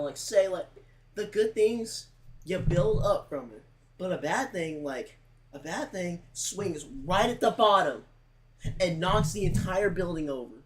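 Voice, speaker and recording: A man's voice: high voice, poor audio. Rambling earnest young-sounding streamer guy. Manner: rambling, heavy use of "like", repeats himself; earnest, close to tears at times. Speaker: livestreamer talking to chat. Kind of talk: casual livestream monologue.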